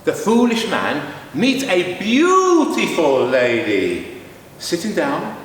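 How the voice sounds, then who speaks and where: A man telling a children's story aloud, slow and expressive. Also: high voice, a little hiss or hum. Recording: roomy, echoey sound, mic far off.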